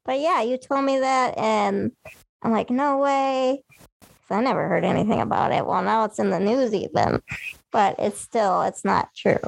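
A woman's voice: medium pitch, moderate pace, creaky, dry recording, poor audio. A woman co-hosting a casual chat, talking in a blunt, matter-of-fact way.

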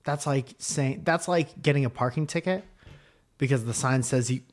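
Animated and profane, this young adult comedian spins stories on the podcast he co-hosts, ribbing others in casual banter. His pitch is medium and his pace moderate.

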